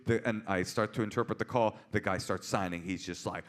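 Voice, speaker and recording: A man in his forties, a comedian and author, telling stories on stage with an animated, punchy delivery. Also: fairly low pitch, quick pace, few pauses. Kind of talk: live on-stage storytelling. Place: auditorium stage before an audience.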